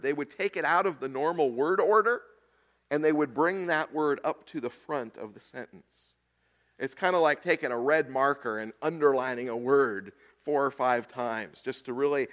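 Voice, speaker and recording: A man preaching a sermon, swinging between loud emphasis and hushed, quiet lines with long deliberate pauses. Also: mid-range voice. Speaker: pastor.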